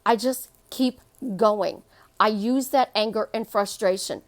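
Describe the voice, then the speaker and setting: A woman's voice: mid-range voice, unhurried. A middle-aged woman, a life coach, giving an emphatic motivational monologue and repeating phrases to drive her point home.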